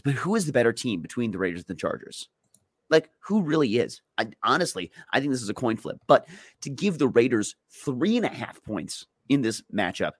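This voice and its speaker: A man co-hosting a sports betting podcast in casual chat, excitable and self-mocking, often repeating his first words. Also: on the low side, no echo, studio quality.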